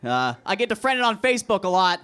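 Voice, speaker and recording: A young man doing a crude, deadpan, self-deprecating stand-up comedy set at an open mic in a comedy club. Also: high-pitched, fairly quick, smooth. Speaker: stand-up comic. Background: audience laughter.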